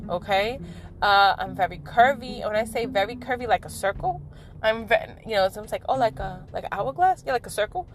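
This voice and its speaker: A middle-aged woman chatting casually to camera in a vlog, talkative and laughing at herself with lively asides. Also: mid-range voice. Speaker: vlogger.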